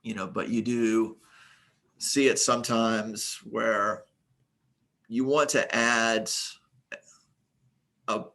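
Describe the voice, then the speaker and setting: A man's voice: lowish voice, fairly even intonation, very slow, pauses often, pushed and bright. A man teaching a recorded grammar lesson, reading example sentences aloud and explaining them methodically, with the occasional filler.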